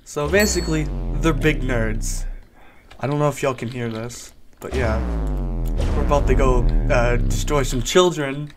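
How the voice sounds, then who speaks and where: A man's voice: medium pitch, unhurried, music in the background. A man giving casual gameplay commentary as a gaming YouTuber, joking and mock-serious while he chats at other players.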